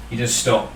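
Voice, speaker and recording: A man narrating a tabletop game as game master, relaxed and halting, with many fillers. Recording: echoey room, distant mic, background noise.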